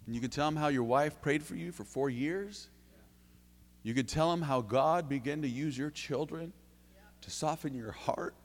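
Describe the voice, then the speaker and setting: A fervent male preacher with a fairly high voice for a man, delivering his sermon with the long reverb of a church sanctuary behind him. He drops into low, close tones and then surges into loud, ringing bursts. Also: moderate pace. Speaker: lay preacher giving testimony.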